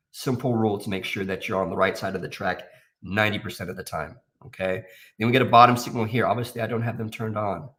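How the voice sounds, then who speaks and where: A man's voice: on the low side, fairly bright tone. A man walking through trading charts in casual, emphatic talk, often tagging lines with "okay?" and "guys". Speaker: options trader giving market analysis.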